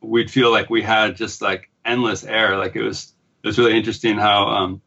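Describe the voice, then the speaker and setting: An American man with a halting, restart-filled manner, talking as a guest in a casual interview. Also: lowish voice, little pitch movement, gravelly, sharp tone, husky. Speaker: guest, pearl diver and surf photographer. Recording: dull lo-fi audio.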